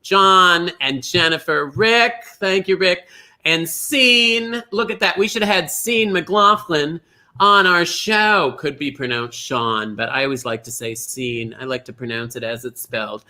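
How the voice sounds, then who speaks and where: High, bright-voiced chatty bingo host man. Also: measured pace. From Minnesota. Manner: gushing, greets viewers by name. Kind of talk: chatty livestream hosting.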